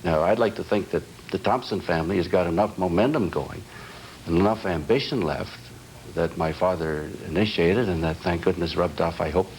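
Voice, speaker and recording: A man with a very low, gravelly voice answers questions for a television documentary. He talks haltingly, restarting phrases as he searches for his words. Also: darkish tone, a little hiss or hum, low-quality recording. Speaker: interviewee, business heir.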